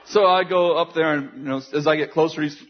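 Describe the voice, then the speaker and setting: A man preaching, telling a story in an animated way, often laughing and acting out what people said. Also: a little high, a little fast, a faint crowd. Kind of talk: sermon storytelling. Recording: dull lo-fi sound with faint noise.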